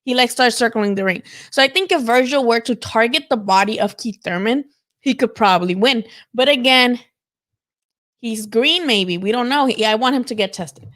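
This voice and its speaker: A woman's voice: fairly high pitch, normal speed, a bit bright. A woman hosting a live boxing talk stream, chatting casually and animatedly, swearing freely and filling with "like" and "you know". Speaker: boxing show host.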